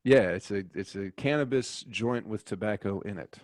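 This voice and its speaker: A man's voice: on the low side, normal speed, no echo. A man, a comedian guest on a podcast, chatting casually with blunt jokes.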